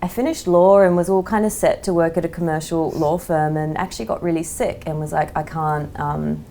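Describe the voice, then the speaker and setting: A woman's voice: lowish voice, fairly even intonation, fairly quick, dark tone, slight background noise. An Australian woman in her thirties, a magazine editor talking frankly as a podcast guest, full of "like" and "um". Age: 30s. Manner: chatty, frank, many "like" and "um" fillers. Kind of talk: casual interview chat.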